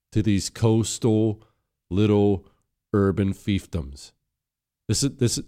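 Low-voiced man, sarcastic political commentator, scornful and repetitive. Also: a little mellow. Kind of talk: opinion commentary.

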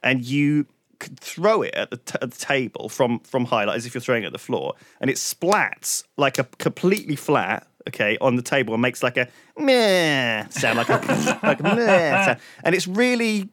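A man from the UK, chatting casually as a podcast host, telling stories in an animated way, swearing often and leaning on "like" and "right?". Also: medium pitch, a little fast, no room sound. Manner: animated storytelling, heavy swearing, lots of "like" and "right?". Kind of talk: casual chat.

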